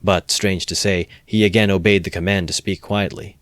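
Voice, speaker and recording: Brief: low-voiced male amateur reader, measured novel narration, dry close sound. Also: fairly even intonation, a bit bright, no echo. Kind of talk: reading a classic novel aloud.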